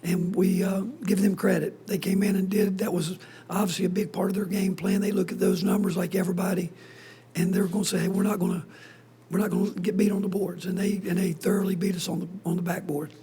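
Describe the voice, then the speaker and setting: A man speaking as a basketball head coach at a postgame press conference, hoarse with his voice nearly gone, in a breathy half-whisper that keeps stopping and restarting sentences. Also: sits high, flat delivery, dark tone, slight background noise. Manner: halting, restarts sentences often.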